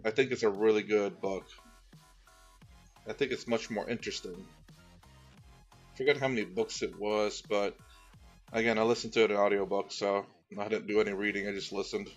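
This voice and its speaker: A man streaming as he paints miniatures, chatting casually with viewers in a rambling, easygoing way with many fillers and restarts. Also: fairly low pitch. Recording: dull, slightly lo-fi sound.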